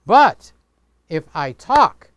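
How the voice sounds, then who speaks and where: A man's voice: high-pitched, big pitch swings, drawn-out words, fairly bright tone, dry recording, muffled recording. A man hosting a casual livestream, chatting playfully with viewers and talking with his hands. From Greek heritage. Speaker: livestream host.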